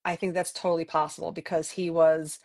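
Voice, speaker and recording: A woman's voice: low-pitched, brisk. A woman from New York City, a podcast co-host, telling stories casually and animatedly, often acting out what she said at the time. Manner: animated, acts out her own past remarks, frequent "like". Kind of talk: casual conversational storytelling.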